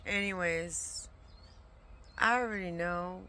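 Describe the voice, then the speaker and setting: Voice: medium pitch, slow pace, sharp tone. A tired vlogger who talks about spiritual visions in a rambling way, swearing often and sometimes dropping into a whisper. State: exhausted from lack of sleep. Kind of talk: casual spiritual monologue. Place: at home with a pet dog nearby. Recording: noisy home recording.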